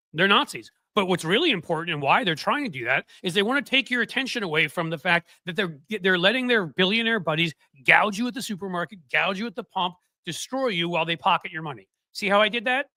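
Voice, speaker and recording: A sarcastic, rambling male host riffing in casual political chat. His voice sits a bit high and sounds bright and forceful. The sound is close and dry. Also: animated, fast talker, no echo.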